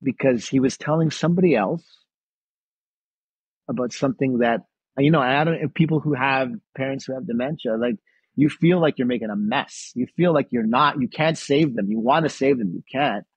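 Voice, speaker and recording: A man speaks at an average pitch in a husky, breathy voice. He talks in a soft, halting way and often restarts his sentences. The sound is dry and a little dull. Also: no room sound. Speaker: actor guest. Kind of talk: reflective storytelling.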